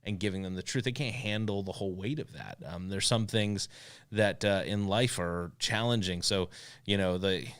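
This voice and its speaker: A man co-hosting a talk show, his voice sitting low and his talk loose, full of "you know" and "um" and restarts. He sounds like a father in his thirties, easygoing and chatty in a studio. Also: normal speed, clear, resonant tone. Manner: rambling, lots of fillers and restarts. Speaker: co-host. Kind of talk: casual talk show chat. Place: radio studio.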